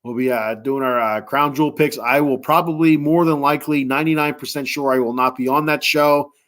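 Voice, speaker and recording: A man hosting a sports podcast, reading sponsor spots casually with lots of fillers and slow, careful reading of phone numbers. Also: medium pitch, fairly even intonation, fairly bright tone. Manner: rambling, filler-heavy, tired; reads numbers slowly and deliberately. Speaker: podcast host.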